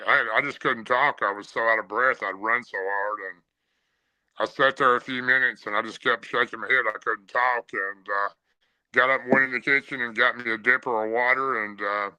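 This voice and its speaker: A man recounts a frightening encounter as a podcast guest. His voice is intensely bright and crisply clear. He talks plainly, stopping often on "uh", and the sound is dry with no room echo. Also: mid-range voice. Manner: plain storyteller with frequent "uh" pauses. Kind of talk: first-person encounter story.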